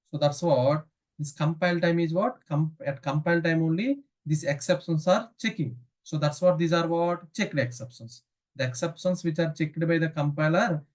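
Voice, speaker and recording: Indian English man, programming teacher, video call, fairly high voice, asks and answers his own questions. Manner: drills students with repeated questions, answers them himself. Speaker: programming instructor. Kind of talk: live online coding class.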